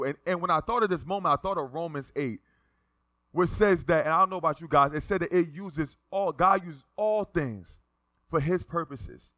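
Bright-voiced, animated male pastor. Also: fairly high pitch, moderate pace, dry recording. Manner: animated, acts out the voices of people in his stories. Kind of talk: sermon with storytelling.

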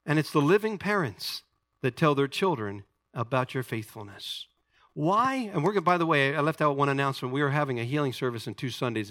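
Impassioned preaching man, bright voice. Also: medium pitch, dry recording, clean studio sound. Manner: impassioned preaching, rising to loud emphatic peaks; repeats and restarts words, quoting scripture dramatically. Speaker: pastor. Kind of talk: sermon.

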